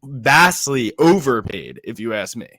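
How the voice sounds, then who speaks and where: A man's voice: mid-range voice, sing-song, unhurried, fairly bright tone, husky, dry recording. A man co-hosting a podcast, blunt and dismissive in a casual chat. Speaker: podcast co-host.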